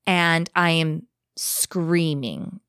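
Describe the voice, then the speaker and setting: Woman, slightly low voice, dry close mic, animated spooky storyteller in casual chat. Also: smooth, dry recording. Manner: animated, vivid, speeds up and slows down for effect. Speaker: guest telling a ghost story.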